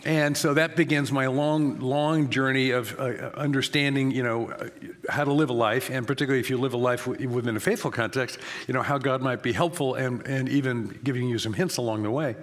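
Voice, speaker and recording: A man in his seventies, a guest author who tells animated anecdotes quickly and acts out the voices of other people. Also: mid-range voice. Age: 70s. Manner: rapid, animated storyteller acting out dialogue. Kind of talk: storytelling interview answers.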